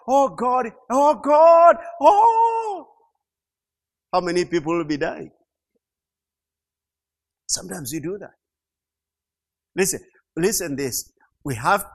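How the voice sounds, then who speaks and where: A middle-aged man preaching a sermon, slow and emphatic, repeating key phrases and rising to loud peaks. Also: fairly high pitch. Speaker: pastor.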